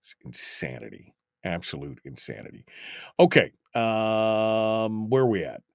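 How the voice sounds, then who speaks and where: A man's voice: on the low side, big pitch swings, measured pace, vocal fry, no room sound, studio quality. A man hosting a talk show, chatting casually, laughing often and reading out chat messages with exasperated asides.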